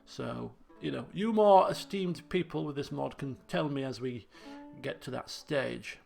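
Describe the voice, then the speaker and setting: A man's voice: medium pitch, measured pace, vocal fry, a little mellow, soft background music. A man commentating a game he plays, chatty and rambling with self-mocking jokes. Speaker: gaming video host. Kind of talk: let's play commentary.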